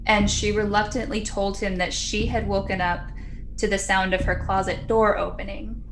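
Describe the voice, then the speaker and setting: Woman podcaster narrating a creepy tale in a relaxed, chatty way, mid-pitched voice over a faint hiss of background noise. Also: normal speed. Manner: chatty, laughs often, acts out quotes. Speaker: podcast storyteller. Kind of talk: casual storytelling.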